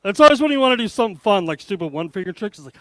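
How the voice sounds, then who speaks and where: Guest speaker in his fifties, high-pitched and lively, joking at his own expense, dry close sound. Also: racing, no echo. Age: 50s. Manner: animated, self-deprecating, joking. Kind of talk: humorous storytelling talk to an audience.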